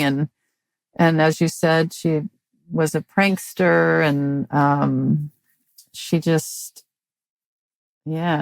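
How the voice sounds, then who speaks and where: A woman in her fifties from Mississippi, a comedian chatting as a guest in an interview in a dry, halting way, full of restarts and fillers. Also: sits low, no echo. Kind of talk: casual interview chat.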